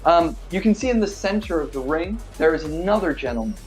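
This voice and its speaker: A man's voice: on the high side, lively intonation, a little fast, faint music behind. A man running a tabletop game as game master, describing scenes with many fillers. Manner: rambling, filler-heavy description.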